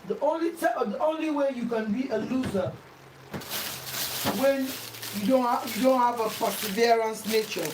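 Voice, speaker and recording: A woman's voice: on the high side, moderate pace, noisy background. A woman hosting a casual cooking demonstration, chatty and repetitive, now and then slipping into playful sing-song. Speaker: cooking vlogger. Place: home kitchen. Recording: roomy kitchen echo, faint ambience.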